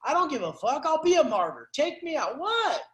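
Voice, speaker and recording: A man's voice: extremely high pitch, very animated, normal speed, fairly bright tone, roomy sound, low-quality recording. A man coaching a client on a call, ranting in an intense, profane, preachy motivational way. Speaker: life coach.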